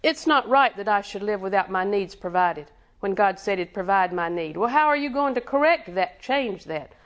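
A woman's voice: mid-range voice, animated, normal speed. A woman preaching a sermon with rhythmic repetition, quizzing her congregation and chuckling between points.

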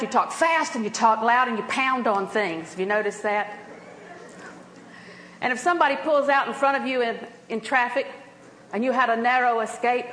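Older woman preacher, fairly high voice, lively and chatty delivery, echoey hall sound. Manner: lively, laughing, storytelling preacher. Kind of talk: sermon.

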